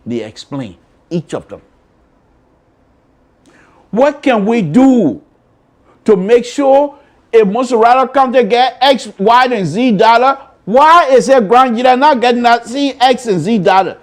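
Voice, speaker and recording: A man's voice: very high voice, expressive, a little slow, long pauses. A man with a Liberian accent hosting a political talk show, speaking emphatically and repeating himself for effect. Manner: emphatic, repetitive, shifts between loud and quiet. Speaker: radio show host. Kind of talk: political commentary.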